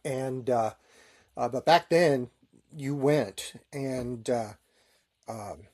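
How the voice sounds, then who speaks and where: A man's voice: medium pitch, dark tone. Middle-aged man telling stories, good-humored. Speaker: Navy chaplain. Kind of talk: storytelling interview answers.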